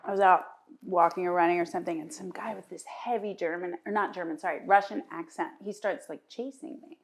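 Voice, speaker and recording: A middle-aged woman, the guest, chatting casually over a meal and telling lively stories, often jumping in. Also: lowish voice, brisk. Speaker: interview guest.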